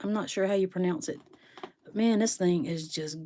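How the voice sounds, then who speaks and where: A woman's voice: lowish voice, steady tone, moderate pace, darkish tone. A woman hosting a casual live stream from her bedroom, chatting with viewers by name while a little sniffly from sneezing, recorded on a phone. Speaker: live-stream host unboxing rocks. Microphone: phone on a stand.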